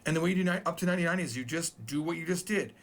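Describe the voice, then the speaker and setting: A man's voice: fairly high pitch, very fast. A man teaching a casual Japanese numbers lesson, playful and joking as he goes.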